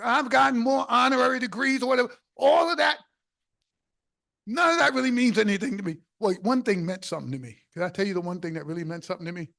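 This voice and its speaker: An older man from the South Bronx giving an inspirational speech, telling stories in an animated way with bursts of shouted emphasis. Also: very high voice, fast, creaky. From South Bronx, New York. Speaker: keynote speaker.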